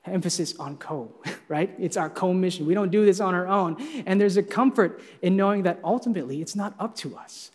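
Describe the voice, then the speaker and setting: A male pastor delivers a lively sermon in a fairly high voice. He teases his listeners with energy, and his words ring out with long reverb in a church hall. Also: brisk. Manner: energetic, playful teasing of the congregation.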